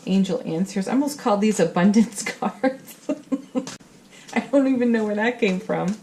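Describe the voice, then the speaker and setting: A middle-aged woman giving a spiritual tarot reading in a gentle, soothing, reassuring manner. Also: mid-range voice, moderate pace, a little hiss or hum, poor audio. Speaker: tarot reader.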